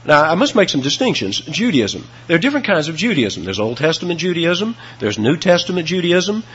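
A man preaching an expository sermon, emphatic, with dramatic swings in pitch and loudness, on a dull lo-fi recording. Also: big pitch swings, brisk, slightly rough.

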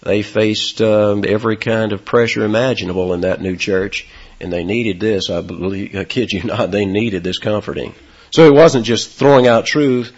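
A man preaching a sermon, with sudden high, loud emphasis on key words and a husky voice. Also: normal speed, muffled recording. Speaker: pastor.

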